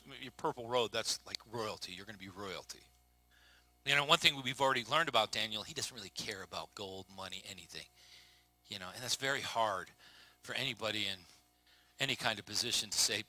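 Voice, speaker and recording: A middle-aged man preaching a casual, joking sermon as pastor, swinging between low murmurs and loud outbursts. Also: no room sound.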